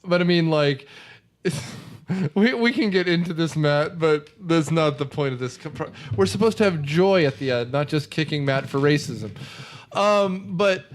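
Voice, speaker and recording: A man co-hosting a casual chat, talking in an animated, rambling way with frequent restarts. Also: a little high, moderate pace. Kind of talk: casual chat, movie discussion.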